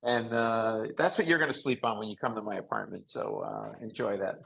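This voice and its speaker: A man hosting a casual comedic chat over a video call, with a nasal voice, telling jokey stories in an animated way. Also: on the low side, fairly quick, creaky, low-quality recording. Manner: animated storyteller, joking. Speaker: podcast host.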